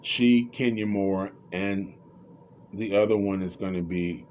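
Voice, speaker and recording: A man's voice: deep voice, slow pace, darkish tone, muffled recording, slight background noise. A man commenting on reality TV in a casual, rambling, opinionated way, often restarting his sentences.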